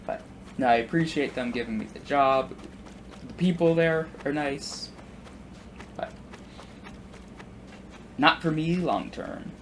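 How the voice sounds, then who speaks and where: Playing a video game, a gaming YouTuber in his twenties drifts through work anecdotes, restarting often and saying "like" constantly. His voice is fairly high and unhurried, with long pauses, over a little hiss or hum.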